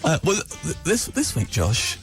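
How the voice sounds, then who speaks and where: A man's voice: a little high, wildly swooping pitch, measured pace, soft background music. A man on a radio show, telling a rambling comic story, laughing often and acting out bits of dialogue. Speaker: comedian guest telling anecdotes. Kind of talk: casual radio banter.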